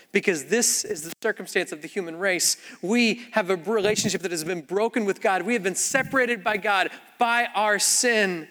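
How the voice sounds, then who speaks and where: High, bright-voiced animated preacher man. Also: normal speed, hardly any pauses, in a large hall. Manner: animated storytelling with acted-out voices. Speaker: pastor. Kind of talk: sermon. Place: church.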